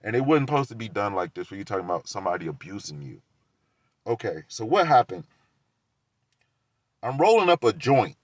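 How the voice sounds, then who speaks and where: A man's voice: fairly low pitch, big pitch swings, fairly quick, long pauses, dry recording. A man telling a rambling story in a casual monologue, laughing between lines and acting out the quoted exchanges.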